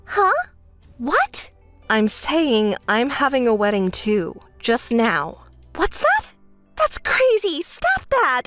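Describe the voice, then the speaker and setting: A woman's voice: high voice, huge pitch swings, slow, a bit bright, dry recording, soft background music, exaggerated voice. A woman voicing a spoiled, bratty young bride in a texting story, whiny and demanding. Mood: frantic.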